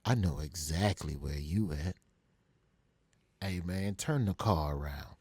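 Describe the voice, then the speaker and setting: A man voicing a calm, quietly threatening record label boss who speaks slowly and low. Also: breathy edge, no echo, exaggerated voice. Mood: calm menace.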